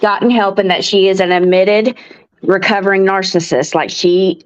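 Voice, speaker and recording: A woman's voice: mid-range voice, steady tone, normal speed, clear, resonant tone. Woman guest venting on a stream, muffled lo-fi audio. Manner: frank, insistent. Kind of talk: casual livestream chat.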